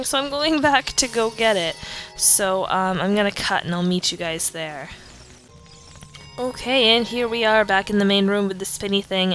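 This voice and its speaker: Young female let's-player, drowsy and halting, game music behind. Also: medium pitch, fairly bright tone. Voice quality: drowsy, halting with many fillers. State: sleepy, yawning. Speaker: let's play commentator. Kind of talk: casual gameplay commentary.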